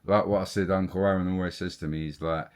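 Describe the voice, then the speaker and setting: A man co-hosting a podcast in casual chat. He encourages his guest and fills in with quick agreement. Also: deep voice, steady tone.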